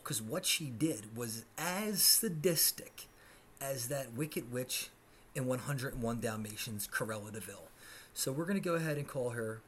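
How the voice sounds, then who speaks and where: A sarcastic young man rants into his podcast mic at home, swearing freely and sounding fed up. His voice sits in an ordinary middle register, with a faint hiss of noise behind it. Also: medium pitch. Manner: profane, sarcastic, exasperated. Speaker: podcast host. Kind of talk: solo comedic rant.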